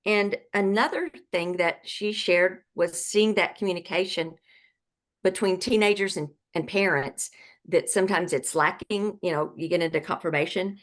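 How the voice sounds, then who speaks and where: A woman's voice: fairly low pitch, normal speed. A woman who leads catechesis, sharing ideas in an online workshop over a video call, conversational, often repeating words. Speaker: catechetical leader.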